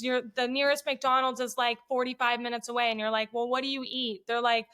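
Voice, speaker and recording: A middle-aged woman telling a story in casual chat, profane and animated, acting out what people said. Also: a little high, fairly quick, few pauses, clear, resonant tone. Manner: profane, animated, acts out quotes. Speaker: podcast guest.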